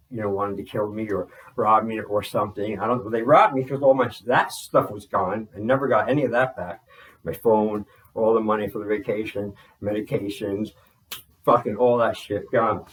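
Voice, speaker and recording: A man's voice: lowish voice, steady tone, normal speed, distant mic, rough recording. A man from New Jersey telling a story in loose, rambling talk full of fillers and swearing. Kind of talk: casual spoken account.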